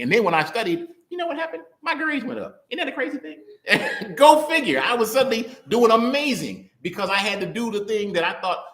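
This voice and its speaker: Animated, laughing young preacher. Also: male voice, high voice, brisk. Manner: animated and playful, laughing often, acting out voices. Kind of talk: conversational sermon. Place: church hall. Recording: roomy echo.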